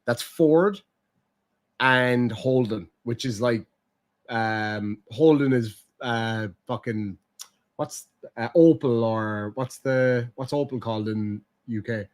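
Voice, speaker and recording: A young man hosting a casual chat, explaining slang in a profane, animated way. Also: mid-range voice, slow pace. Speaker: streamer host.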